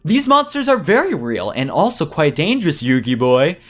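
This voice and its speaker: A smug, wealthy villain duelist mocks his young rival in a slow, theatrical voice, as a man puts him on. The pitch rises and falls in a lively way. He sounds like a game villain. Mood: taunting. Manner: theatrical, mocking, drawn-out.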